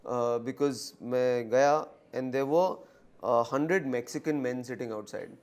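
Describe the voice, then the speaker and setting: A man with an Indian accent answering interview questions in a fast, animated way, switching between English and Hindi. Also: medium pitch, clean tone. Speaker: actor and comedian guest.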